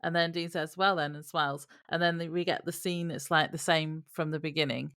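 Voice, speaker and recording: Low gravelly-voiced woman co-host. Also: fairly even intonation, a little fast, a bit bright. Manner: easygoing, reads from her notes. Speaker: podcast co-host. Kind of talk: casual recap chat.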